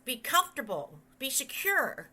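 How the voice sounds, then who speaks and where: Bright-voiced woman preaching conversationally. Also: high voice, normal speed, husky. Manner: rambling, animated, quotes others in voices. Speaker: pastor and author. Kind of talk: conversational sermon with storytelling.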